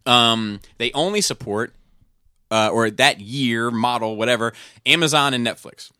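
A man's voice: medium pitch, measured pace, pushed and bright, clean tone, no echo. A man hosting a podcast in casual chat, rambling and profane as he retells scenes. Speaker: podcast host.

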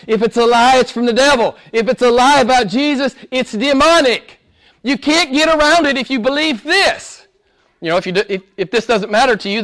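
High-voiced emphatic male preacher. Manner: emphatic, repetitive, swinging from low and quiet to high and loud. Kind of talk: sermon.

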